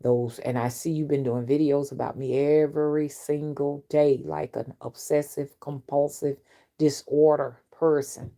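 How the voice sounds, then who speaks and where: A woman root worker speaking straight to her viewers in a stern, confrontational monologue that drops into low, menacing whispers. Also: steady tone, measured pace, mellow. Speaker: spiritual reader and root worker.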